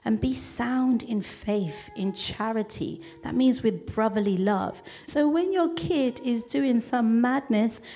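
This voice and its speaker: A woman preaching a sermon to her congregation in a conversational, animated way, often acting out voices as she quotes people. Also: a little high, slow pace, hardly any pauses.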